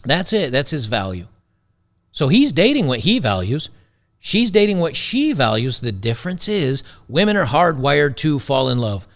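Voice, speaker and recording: A man's voice: on the high side, sing-song, normal speed. A man hosting a talk show, giving blunt, sarcastic, rambling commentary on a video clip. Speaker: show host.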